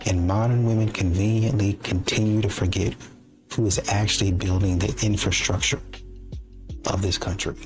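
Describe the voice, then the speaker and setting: Indignant low-voiced man lecturing. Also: little pitch movement, moderate pace, music in the background. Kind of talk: commentary.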